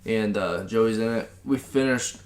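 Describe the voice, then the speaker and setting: A man's voice: lowish voice, measured pace. A young man co-hosting a podcast, rambling through stories in a casual, profane way. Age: young adult. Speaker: podcast co-host. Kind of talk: casual chat.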